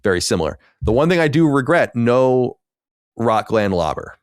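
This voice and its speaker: A man's voice: medium pitch, very animated, normal speed, smooth, no echo, clean studio sound. A man co-hosting a podcast, chatting casually and rambling, with many restarts and fillers. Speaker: podcast co-host. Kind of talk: casual chat.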